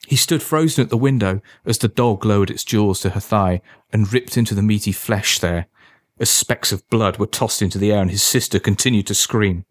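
A man reading a dark story aloud in a measured, dramatic manner. His voice sits on the low side. It is recorded close on a studio mic with a dry sound. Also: dry recording. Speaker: narrator. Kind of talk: scripted narration of a dark story.

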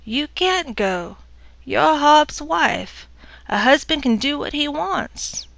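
A woman voicing an older country mother-in-law who is stern and dismissive, her pitch raised and her manner brisk and scolding. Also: animated, gravelly, a bit bright, no echo, heavily acted.

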